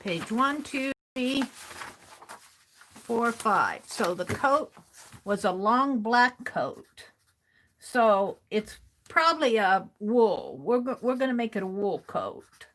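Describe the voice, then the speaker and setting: A woman hosting a casual livestream, reading viewer comments aloud, chuckling often and thinking out loud. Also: medium pitch, big pitch swings, slow pace, a little hiss or hum, poor audio. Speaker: livestream host.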